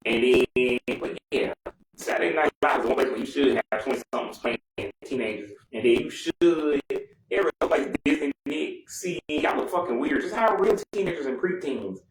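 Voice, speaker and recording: Guy going off on a blunt cussing rant, mid pitch, roomy echo, bit of noise. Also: moderate pace. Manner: blunt, profane, ranting. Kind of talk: casual rant. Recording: echoey room with faint noise.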